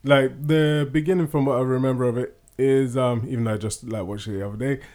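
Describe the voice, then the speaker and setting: A man's voice: medium pitch, steady tone, quick pace, darkish tone. A man co-hosting a podcast in casual chat, laid-back and slangy. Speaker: podcast co-host.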